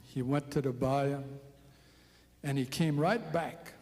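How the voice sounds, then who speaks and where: A man with a Cajun accent telling folk tales in an unhurried, deliberate way. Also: medium pitch, darkish tone, long reverb tail. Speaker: storyteller.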